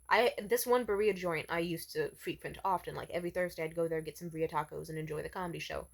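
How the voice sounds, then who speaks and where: A woman's voice: quick pace, creaky, hardly any pauses. A woman telling a story in a casual rant, swearing freely and acting out what people said in raised voices. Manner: profane, exasperated, acts out quotes in high voices.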